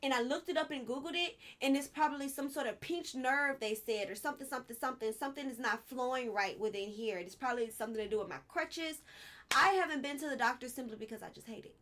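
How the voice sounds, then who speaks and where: A young woman hosts a casual live stream, talking through politics in a blunt, emotional way. She lets the curse words fly when she gets worked up, and her voice sits a little high. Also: fast, fairly bright tone.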